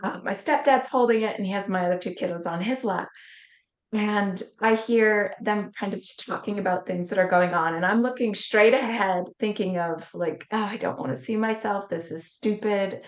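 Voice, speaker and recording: A woman's voice: mid-range voice, normal speed. Earnest woman telling a personal story. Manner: earnest, vivid retelling that acts out quoted voices. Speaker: interview guest, life coach. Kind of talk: personal storytelling in a podcast interview. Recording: roomy, slightly dull sound.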